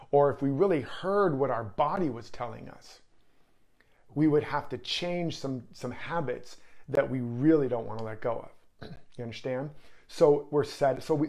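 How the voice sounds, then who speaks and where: A man's voice: medium pitch, darkish tone. An earnest man with a mid-range voice gives a motivational talk on personal growth. He builds his points through repeated phrasing. He keeps checking in with the listener to make sure they follow.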